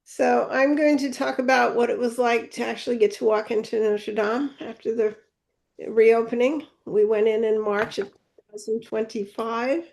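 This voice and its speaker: A woman's voice: fairly high pitch, fairly even intonation, normal speed, vocal fry, a little mellow. A woman giving a plain, matter-of-fact talk about her photos at a seminar. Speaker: seminar presenter. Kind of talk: casual presentation talk.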